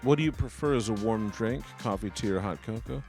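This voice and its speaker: A low-pitched man co-hosting a livestream, talking casually and playfully. Faint music sits behind his voice. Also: brisk, a little mellow. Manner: playful, slips into joke voices and impressions. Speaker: co-host.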